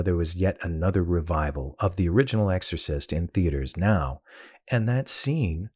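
A man's voice: deep voice, darkish tone, slightly rough, no echo. A man hosting a horror-film podcast, talking in a conversational, thoughtful way with some filler words. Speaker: podcast host. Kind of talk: solo horror-film talk.

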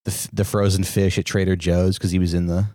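Low-voiced joking man on a podcast. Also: little pitch movement, warm tone, no echo, clean studio sound. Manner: joking, quick to laugh, lots of fillers. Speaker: podcast co-host. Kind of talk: casual chat.

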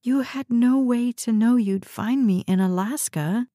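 A woman's voice: a little high, measured pace, mellow, no echo, studio quality, lightly acted. A woman reading the part of an anxious, trusting young woman, speaking hesitantly. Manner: hesitant, trembling.

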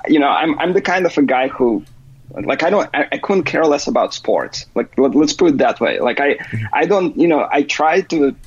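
Male podcast guest on a remote call, slightly husky, hesitant, muffled call audio. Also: fairly high pitch, sing-song, normal speed, no echo. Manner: hesitant, many fillers and restarts. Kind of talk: casual interview.

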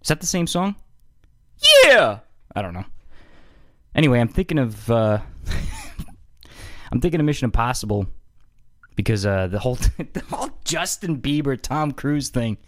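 A man hosting a podcast in a casual, joking monologue, animated and swearing freely. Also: mid-range voice, measured pace, pauses often, no room sound, studio quality. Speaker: podcast host.

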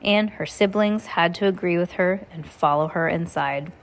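Woman, audiobook-style reading, plain unhurried delivery, occasional stumbles. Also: fairly low pitch, creaky. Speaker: reader. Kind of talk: reading a novel aloud.

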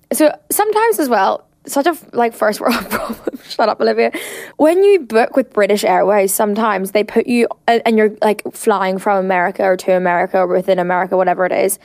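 A woman's voice: medium pitch, darkish tone, dry recording, studio quality. A young Irish woman hosting a podcast, chatting casually with lots of fillers and the odd swear word. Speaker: podcast host. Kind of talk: casual chat.

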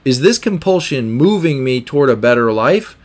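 A man's voice: medium pitch, big pitch swings, normal speed. A man hosting a self-help podcast, talking through ideas as he thinks, with frequent restarts and rhetorical questions. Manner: thinks aloud, repeats words, asks rhetorical questions. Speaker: podcast host. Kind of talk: reflective self-help talk.

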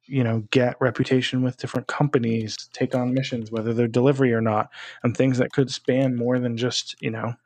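A man's voice: medium pitch, a little mellow, dry recording. A man co-hosting a gaming podcast, chatting casually in an upbeat, joking way and laughing easily. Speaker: podcast co-host. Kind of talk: casual chat.

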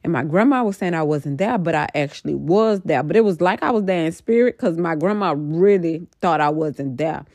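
A woman's voice: lowish voice, a little fast, few pauses, darkish tone, dry recording, studio quality. A middle-aged woman casually recounting a dream in a rambling, emphatic way, full of fillers. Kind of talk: casual storytelling about a dream.

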